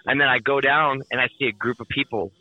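Excitable, swearing man telling a story. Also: medium pitch, fast talker, no room sound, lo-fi sound. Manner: excitable, swears constantly, "like"-heavy chatter. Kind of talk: casual storytelling.

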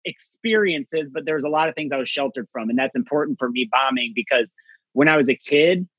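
A male comedian telling a story in casual chat, animated and acting out voices with big jumps in pitch. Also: fairly quick, slightly rough, no room sound, highs cut off.

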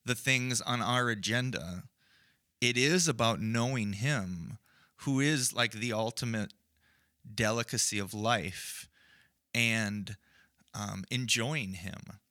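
A man's voice: medium pitch, takes it slowly, pushed and bright, no echo, clean studio sound. A man co-hosting a casual faith podcast, earnestly building an analogy with frequent fillers and restarts. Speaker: podcast co-host.

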